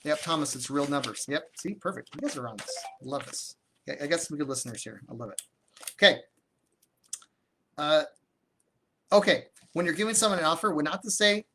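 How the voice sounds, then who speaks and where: A man's voice: fairly high pitch, fairly quick, a bit bright. A man coaching on real estate deals during a livestream, talking energetically and conversationally, often restarting his sentences. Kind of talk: live-streamed teaching with viewer comments.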